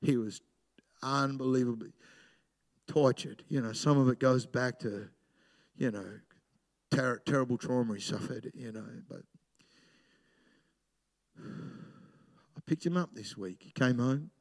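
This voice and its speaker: A man's voice: medium pitch, unhurried, pauses often. Man preaching a sermon. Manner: conversational preaching, swings between loud emphasis and hushed storytelling. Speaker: pastor.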